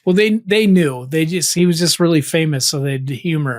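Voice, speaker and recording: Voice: medium pitch, normal speed, no echo. Teasing podcast co-host, dry sound. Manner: teasing, dry jokes, pushes for answers. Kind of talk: casual chat.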